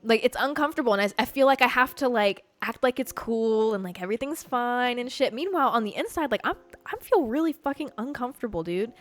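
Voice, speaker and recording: A woman hosting a podcast, telling a story in a blunt, profane, animated way. She grew up in Georgia and talks in a casual monologue. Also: a little high, quick pace, few pauses. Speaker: podcast host.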